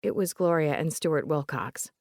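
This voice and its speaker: A woman voicing a composed investigator with a North Carolina accent, asking questions in a calm, measured way. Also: deep voice, dry recording, clean studio sound.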